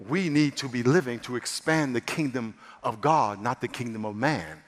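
A male pastor preaching a sermon, emphatic and repetitive, swinging between loud stress and hushed passages. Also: mid-range voice, big-room sound. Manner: repeats phrases for stress.

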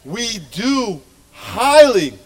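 A man's voice: very high-pitched, very animated, extremely slow. A middle-aged male pastor preaching a sermon to his church with passionate, emphatic delivery. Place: church sanctuary.

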